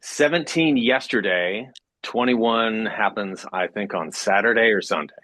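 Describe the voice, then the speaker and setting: A man's voice: fairly low pitch, a little slow, fairly bright tone, no room sound. A man in his forties from California, a guest drummer chatting upbeat and friendly over a video call. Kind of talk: casual conversation.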